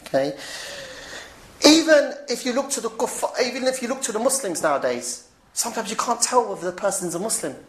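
A woman giving an informal religious talk, animated, chuckling now and then and repeating her points. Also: on the high side, brisk. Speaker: preacher. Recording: roomy echo.

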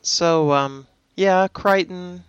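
Smooth-voiced man, casual podcast host. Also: high voice, very slow, dry recording, muffled recording. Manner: hesitant, many fillers.

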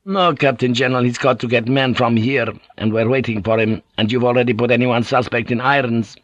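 A man's voice: medium pitch, fairly even intonation, fairly quick, dry recording, lightly acted. A man reading an audiobook, voicing a bitter, fearful middle-aged ship pilot who broods and argues. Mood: arguing.

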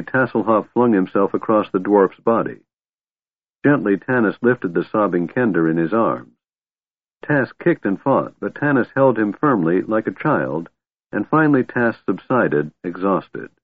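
A man narrates a fantasy story in a low, expressive voice with lively pitch movement. The recording is dry, thin and narrow, like a phone line. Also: unhurried. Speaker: audiobook narrator.

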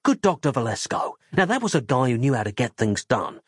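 Brief: male narrator, mid pitch, dramatic measured audiobook read, dry studio sound. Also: very animated, husky, no room sound.

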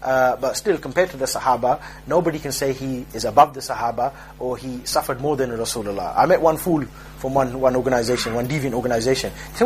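With barely a pause, a young male preacher talks at a quick pace in a medium-pitched voice. His informal religious talk is built on joking street stories in which he mimics the people involved, and there's slight background noise.

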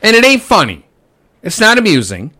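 A man's voice: high-pitched, huge pitch swings, normal speed, pushed and bright, husky. A man, venting with heavy profanity in casual chat.

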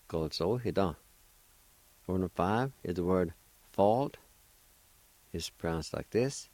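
Very low-voiced slow radio language teacher. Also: male voice, lively intonation, a little mellow, no echo. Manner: slow, deliberate, spells out and repeats syllables.

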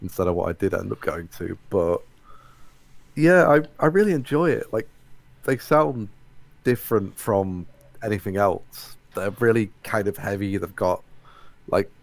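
A man chatting casually in a laid-back, halting way, with many fillers. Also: lowish voice, lively intonation, creaky, dry recording. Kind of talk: casual podcast chat.

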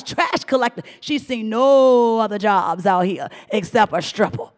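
A middle-aged woman hosting a profane, animated commentary rant, often mimicking voices and laughing. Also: a little high, unhurried, hardly any pauses, long reverb tail. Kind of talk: ranting commentary monologue.

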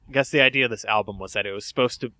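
A man co-hosting a podcast in casual chat, mild and hesitant, filling pauses with uhs and small laughs. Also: mid-range voice, sharp tone. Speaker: podcast co-host.

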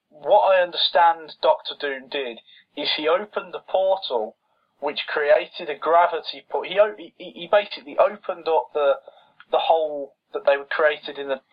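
A man with a slightly raised voice rants sarcastically about a film's plot holes. He sounds exasperated and mocks the characters as he goes. The audio is dull and lo-fi. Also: fairly high pitch. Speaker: podcast co-host. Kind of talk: casual film critique chat.

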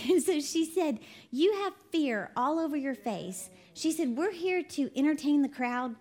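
A woman's voice: high voice, expressive, a little slow, a little mellow. A woman preacher, giving a conversational sermon in a chatty, folksy storytelling manner, laughing often. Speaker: ministry CEO and preacher.

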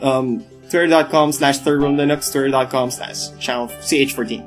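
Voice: mid-range voice, fairly even intonation, normal speed, soft background music. A podcast co-host in casual chat, joking and laughing often.

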